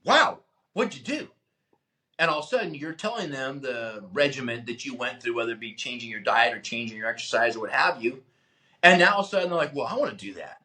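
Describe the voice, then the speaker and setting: A man hosting a motivational podcast, talking emphatically like a coach and acting out little scenes. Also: a little high. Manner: emphatic, animated coaching, acts out quotes. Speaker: podcast host. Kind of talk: motivational talk.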